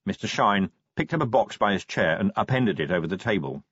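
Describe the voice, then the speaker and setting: A man narrating an audiobook in a steady storytelling manner. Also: sits low, a little fast, breathy edge, no echo, highs cut off. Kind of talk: scripted narration.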